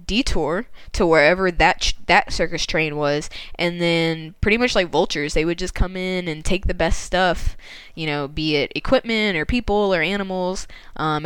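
A woman's voice: fairly low pitch, a bit bright, clear, resonant tone, no echo. A woman casually retelling a story, chatty and laughing often, with lots of fillers.

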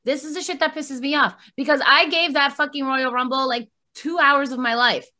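A woman's voice: sits high, a little fast. A woman co-hosting a podcast, ranting in casual chat with lots of swearing. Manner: profane, animated ranting. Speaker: podcast co-host.

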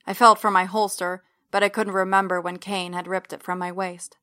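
Woman narrating a story in an even voice. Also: medium pitch, moderate pace. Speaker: audiobook narrator. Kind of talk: first-person fiction narration.

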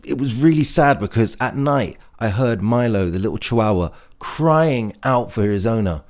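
Animated man hosting a comic monologue. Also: mid-range voice, moderate pace. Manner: animated, rambling storyteller. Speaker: podcast host.

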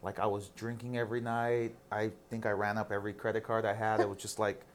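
A man's voice: lowish voice, flat delivery, fast talker, a little hiss or hum. A man in his thirties, a guest on a casual interview, telling stories candidly and animatedly, with some casual swearing.

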